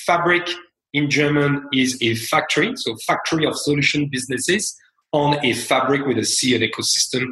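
A man whose first language is French speaks English with a French accent as an interview guest. He talks at an unhurried pace, self-deprecating and often trailing off quietly. His voice sits at a mid pitch and carries a roomy echo. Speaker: guest, company co-founder. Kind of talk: interview answers.

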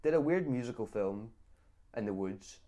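A man's voice: mid-range voice, moderate pace. A Scottish man hosting a podcast, chatting casually about films and laughing often. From Scotland. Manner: animated, laughs often, mocks bad films. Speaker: podcast host. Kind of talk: casual chat.

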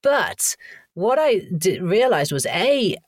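A woman from Wales, a podcast guest, telling a story in a chatty, animated way that is full of laughs. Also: medium pitch, takes it slowly, dry recording, studio quality. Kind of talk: casual anecdotal storytelling.

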